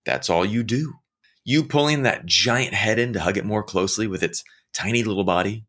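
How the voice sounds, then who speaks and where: A man's voice: lowish voice, moderate pace, husky. A man giving a casual motivational talk. He speaks straight to the listener and tells stories, often acting out the voices of the people in them. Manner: animated storytelling, acting out quoted voices; conversational, addresses listener directly.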